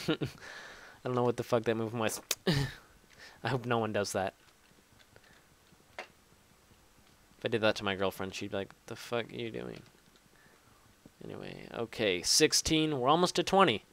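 A man's voice: medium pitch, unhurried, long pauses, fairly bright tone. A young man giving casual, rambling gameplay commentary, swearing often and poking fun at himself. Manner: rambling, profane, self-mocking. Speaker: gaming YouTuber.

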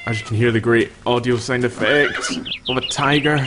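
A young man narrates a game in a loose, chatty way, cursing now and then and telling the creatures off. His voice sits at an ordinary middle pitch. Clear noise runs under the recording. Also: steady tone, moderate pace, hardly any pauses. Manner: chatty, swears freely, talks to the game's creatures. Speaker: gameplay commentator. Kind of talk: casual gameplay commentary.

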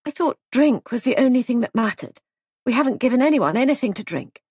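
A woman voicing an anxious young wife who runs a guest house, raising her voice higher and speaking in a worried, plaintive way. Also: animated, brisk, a little mellow, breathy edge, no echo, clean studio sound. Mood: fretful.

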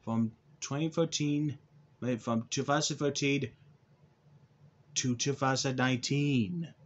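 A man cutting a rambling wrestling callout promo, halting and restarting often. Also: mid-range voice, steady tone, muffled recording, slight background noise. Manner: halting, with restarts and repeated words.

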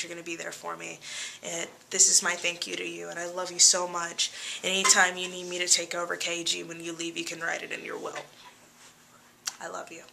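Woman, wrestler, soft grateful tribute, monotone, gravelly. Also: lowish voice, a little hiss or hum, poor audio. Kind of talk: recorded tribute message.

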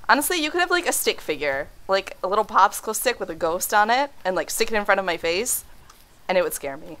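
A woman's voice: medium pitch, very animated, brisk, fairly bright tone. A young woman playing a horror game at home, giving casual commentary, jumpy and swearing, shrieking at scares and laughing them off. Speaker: let's play gamer. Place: home room.

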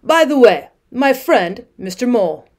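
A woman's voice: a little high, sing-song, unhurried, darkish tone. A woman doing a hearty, cheery water rat.

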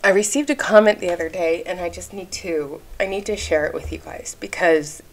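A woman's voice: fairly low pitch, a little fast. A woman talking straight to the camera in a vlog rant. She sounds indignant and emphatic and keeps stopping to ask "okay?". At times she gets emotional while she talks. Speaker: YouTube commentary creator.

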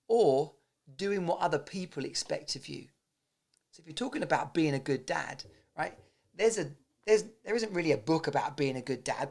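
A man's voice: a little high, gravelly. A man giving a casual, blunt motivational talk, swearing freely and often restarting his sentences. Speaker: self-improvement vlogger.

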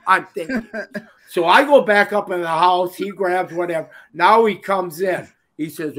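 Guy in his 60s spinning stories, folksy, laughs a lot, high bright voice. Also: unhurried. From Minnesota. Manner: animated storyteller, laughs often, folksy. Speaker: guest, retired pro wrestler. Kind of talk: casual storytelling interview.

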